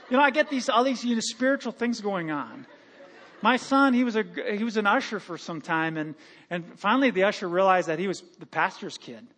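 A man with a high, light voice preaching in a church, lively and playful as he tells stories and acts out what people say. His delivery swings between loud bursts and quieter asides. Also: fairly quick. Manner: animated, joking, lively storytelling with acted-out quotes. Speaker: pastor. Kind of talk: sermon. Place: church sanctuary.

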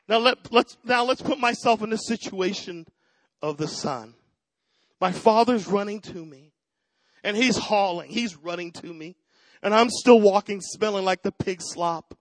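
Middle-aged male pastor, high voice, dry close sound; storytelling sermon that builds to fervent shouts. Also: unhurried, dry recording, rough recording. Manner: personal storytelling that swells into loud preaching.

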